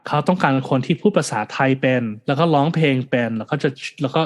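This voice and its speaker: A man in his thirties spills stories at a breakneck clip, animated and chatty. His voice sits a bit high for a man. He hops between English and Thai mid-sentence. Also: very fast. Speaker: podcast guest, actor. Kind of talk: casual interview chat.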